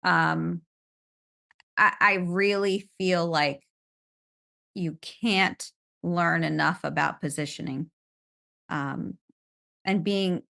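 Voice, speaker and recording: Gravelly, low-voiced woman instructor. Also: fairly bright tone. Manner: thoughtful and measured, giving advice. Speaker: electrology instructor. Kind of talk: casual conversational podcast chat.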